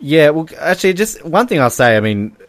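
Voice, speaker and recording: A jokey man chats through a film commentary, his pitch swinging up and down as he riffs. He laughs at his own tangents and restarts sentences, recorded dry and close over a call. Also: sing-song, brisk, no room sound. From Australia. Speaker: podcast co-host. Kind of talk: casual film commentary chat. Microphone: video call headset or desk mic.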